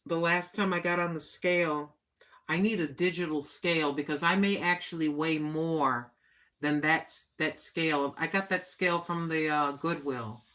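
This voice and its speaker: Older woman, livestream host, talks plainly and earnestly; bright, slightly low voice. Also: steady tone, normal speed. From United States. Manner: plain-spoken, chatty and earnest. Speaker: vlogger. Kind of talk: casual livestream chat.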